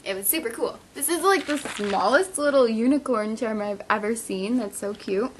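A bubbly teenage girl chats through her fan-mail unboxing, her voice sitting a touch high. She gushes over each little item. A faint hiss of room noise runs under her talk. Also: normal speed. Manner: bubbly, chatty, easily excited. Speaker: craft vlogger.

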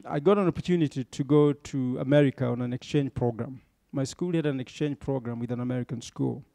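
A man's voice: medium pitch, creaky, dark tone, no room sound, studio quality. A middle-aged man giving a motivational storytelling talk to young leaders, often checking in with tag questions. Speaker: bank executive speaking to young leaders.

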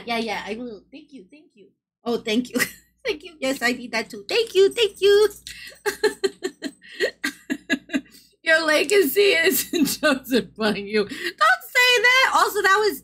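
A woman streamer from the American South, with a fairly high, sharp-toned voice, chats casually with her live-stream audience. She giggles often and swears freely.

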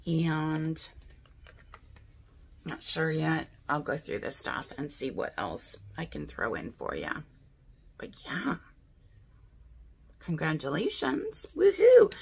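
A woman's voice: deep voice, vocal fry, husky. A woman chatting casually through a beauty box unboxing, thinking aloud and asking her viewers what she should do. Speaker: beauty vlogger.

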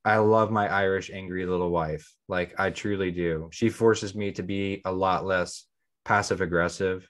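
A man's voice: sits low, steady tone, normal speed, a bit bright. A man co-hosting a podcast in casual chat, rambling, leaning on "like" and often restarting his sentences. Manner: rambling, heavy use of "like". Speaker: podcast co-host.

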